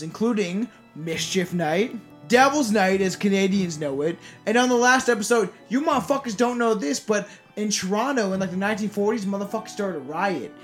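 High-voiced swearing podcast host. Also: male voice, lively intonation, moderate pace, faint music behind. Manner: profane, laughing storyteller reading out facts. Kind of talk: casual podcast chat.

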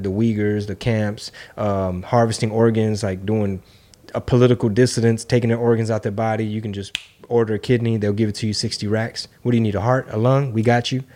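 A man chatting casually as a podcast co-host, animated and profane. He jumps into short mocking impressions of other people. His voice sits at an everyday middle pitch. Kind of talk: casual political banter.

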